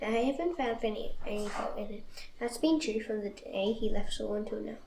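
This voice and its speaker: A woman reading the lines of a calm male foreign king in an echoey room. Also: mid-range voice, fairly quick, creaky, far from the mic, close to an everyday voice. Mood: reassuring. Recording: echoey room, faint noise.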